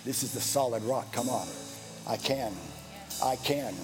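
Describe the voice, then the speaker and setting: Pastor guy preaching, keeps repeating lines and gets louder, music behind him. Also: mid-range voice, a little slow. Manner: rising to loud exhortation, repeating phrases. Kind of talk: sermon.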